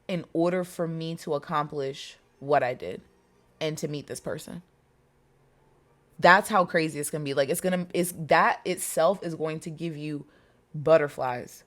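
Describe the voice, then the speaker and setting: A woman with a low, deep-set voice gives a tarot reading straight to her viewers. She talks in a loose, chatty flow, circling back to her points and repeating them for emphasis. Her swearing is casual and unfiltered. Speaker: tarot reader.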